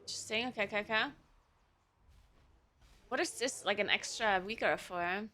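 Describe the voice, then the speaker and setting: A woman's voice: medium pitch, normal speed, pushed and bright. A woman streamer chatting casually and thinking aloud while setting up her game, laughing often. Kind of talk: casual live-stream chat while gaming.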